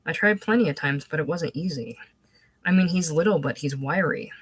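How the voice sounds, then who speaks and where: A woman's voice: sits low, lively intonation, a little fast, slightly rough. A woman reading aloud voicing a blunt, offhand working-class man.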